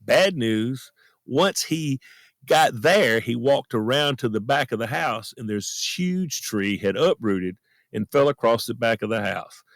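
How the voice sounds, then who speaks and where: Lively-voiced man in a dead closet. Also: mid-range voice, unhurried, vocal fry, dry recording. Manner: earnest, folksy, self-deprecating. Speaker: podcast host. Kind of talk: personal storytelling monologue. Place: friend's closet at home.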